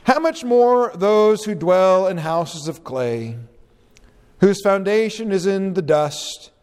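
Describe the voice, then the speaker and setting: Slow, lively-voiced preacher in a reverberant hall. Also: male voice, sits high, smooth. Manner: slow, deliberate, dramatic pauses when reading scripture. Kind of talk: sermon with scripture reading. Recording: long reverb of a large hall.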